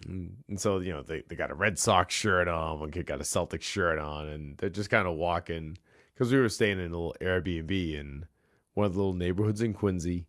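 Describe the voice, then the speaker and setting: Deep-voiced man telling stories, laughing. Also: a little fast, fairly bright tone, no room sound, clean studio sound. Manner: laughs often through the story. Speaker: podcast host. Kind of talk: casual solo storytelling. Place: small home bar.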